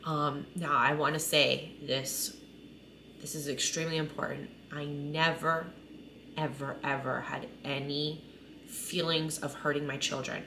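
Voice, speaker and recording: Woman, 30s, lowish voice, candid vlog monologue, faint room hum behind. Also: little pitch movement, a little slow, gravelly. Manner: candid, emotional, conversational with many "like" and "right?". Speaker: mother sharing her story.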